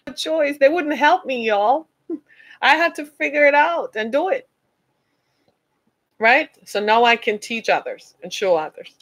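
A woman's voice: high-pitched, expressive, unhurried, long pauses, fairly bright tone, low-quality recording. A woman giving an emphatic, preacher-like motivational talk to her listeners, calling them "y'all.". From United States. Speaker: speaker addressing listeners.

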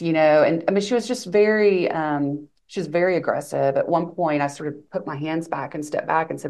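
A woman's voice: low voice, measured pace. A woman attorney from Arkansas, telling her story in an interview and quoting the people she met. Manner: animated, quotes others' lines while recounting events. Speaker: attorney guest.

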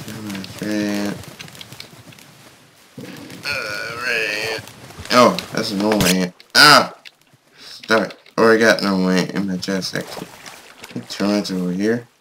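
Unhurried man narrating his gameplay. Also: fairly low pitch, a little hiss or hum. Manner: excitable, swears and yells at game creatures. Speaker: gaming video host. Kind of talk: casual let's-play commentary.

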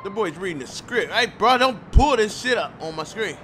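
A man giving loud, profane, playful commentary over a video game he is playing. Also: high-pitched, expressive, moderate pace, music in the background. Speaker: gameplay streamer. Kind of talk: excitable gameplay commentary. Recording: game sound playing underneath.

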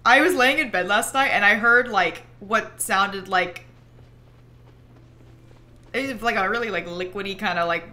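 A young woman livestreaming, chatting casually while she plays a game, rambling and animated with lots of "like" and quick bursts of laughter. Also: medium pitch. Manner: chatty and rambling, heavy use of "like"; animated storyteller who breaks into laughter. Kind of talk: casual chat while gaming.

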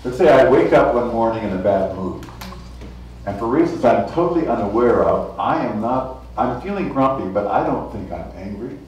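A man giving a public lecture in a measured, explanatory way, illustrating points with small anecdotes. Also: medium pitch, lively intonation, a little mellow, a little hiss or hum. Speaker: guest lecturer. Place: lecture hall. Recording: echoey hall, mic from a distance.

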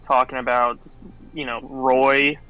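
Bright-voiced, blunt male co-host. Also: medium pitch, flat delivery, takes it slowly, clean tone, poor audio. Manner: blunt, swears freely. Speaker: podcast co-host. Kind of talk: casual chat.

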